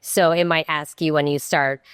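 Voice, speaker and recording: A woman with a low, smooth voice explains her thinking through example after example. She talks conversationally, restarting sentences as she goes. The recording is dry and close. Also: steady tone, moderate pace, dry recording. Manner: explanatory, uses many examples, frequent restarts. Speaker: guest, networking consultant. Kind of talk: conversational podcast interview.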